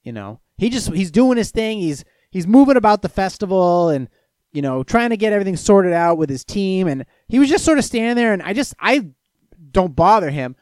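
A man's voice: brisk, smooth, no room sound, clean studio sound. A man from Florida chatting casually with his stream, telling stories and answering chat questions in a profane, rambling way. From Florida, USA. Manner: profane, storytelling, lively swings in pitch and loudness.

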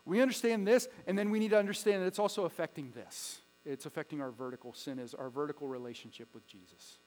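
High-voiced pastor preaching in a hall. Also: male voice, fairly even intonation, fast talker. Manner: preaching with sudden swings from hushed to loud. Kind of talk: sermon. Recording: long echo of a hall with mains hum.

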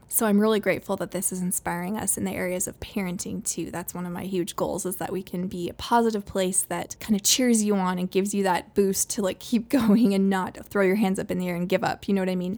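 Woman, thirties, podcast host, chatty, upbeat, laughs a lot, acts out voices, mid pitch. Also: darkish tone. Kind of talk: solo podcast chat.

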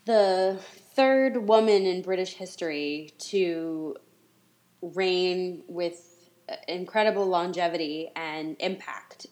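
A woman co-hosting a podcast in casual chat, animated and quick to speed up, with frequent chatty asides. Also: on the low side. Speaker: podcast co-host.

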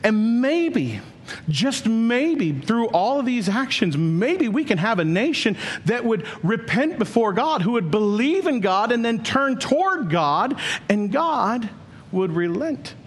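A man's voice: very high voice, sing-song, takes it slowly, husky. A man preaching a sermon as pastor, earnest and building to emphatic questions.

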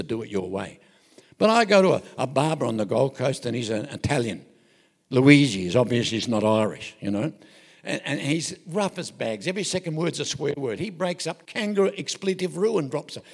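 An older Australian preacher tells homespun stories with jokes and frequent self-interruptions. His somewhat high voice is gravelly and husky and swoops up and down with energy. The sound rings with a long echo, as in a large hall. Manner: folksy and joking, with self-interruptions. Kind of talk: anecdotal sermon.

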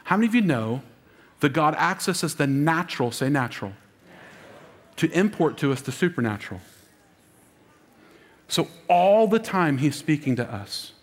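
Energetic man preaching in a hall. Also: a little high, moderate pace, long pauses. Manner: energetic, calls for congregation responses. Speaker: lead pastor. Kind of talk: sermon. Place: large church auditorium. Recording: long hall reverb.

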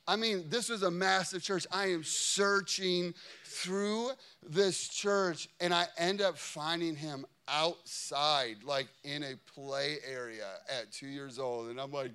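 Guy preaching to a church crowd, kinda high voice, smooth and clear, keeps throwing in "you know what i mean". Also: a little slow. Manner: animated storytelling, jokey asides, frequent "you know what I mean". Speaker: pastor. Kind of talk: sermon. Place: large church before a congregation.

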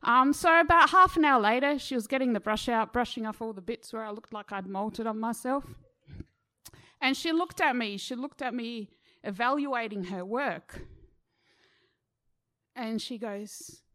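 A middle-aged woman tells a personal anecdote with a slightly higher voice. She is chatty and pokes fun at herself. She brings quoted people to life with quick voices. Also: expressive, sharp tone. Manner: chatty, self-mocking, acts out quoted voices. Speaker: storyteller. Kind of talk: personal story told to an audience.

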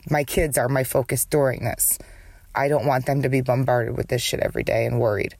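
A woman's voice: a bass voice, steady tone, a little fast, a little mellow, no echo. A woman hosting a candid solo podcast with a cold and a smoker's cough. She talks in a rambling, profane way and jumps from thought to thought. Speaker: podcast host.

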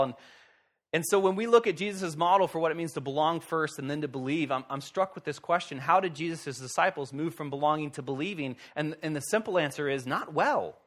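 A man pastor giving a sermon in a conversational, lively way with wry humor. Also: fairly high pitch, a little fast.

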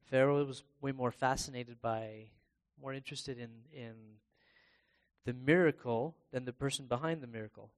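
Man preaching a conversational sermon. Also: mid-range voice. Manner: conversational, with many restarts and fillers, reads scripture aloud; bursts into loud, excited acted-out exclamations.

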